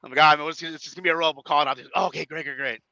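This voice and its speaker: A man in his thirties with a Chicago-area accent, a wrestler telling stories on a podcast in an animated way, acting out other people in loud bursts and swearing freely. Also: fairly high pitch, racing, creaky, dry recording. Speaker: independent wrestler, podcast guest. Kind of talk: casual storytelling chat. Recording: dull lo-fi podcast audio.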